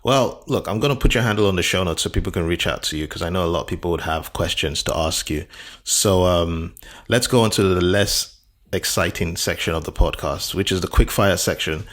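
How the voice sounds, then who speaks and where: A man's voice: deep voice, brisk, fairly bright tone. A man hosting a podcast in casual interview chat, upbeat and repeating words for emphasis. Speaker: podcast host.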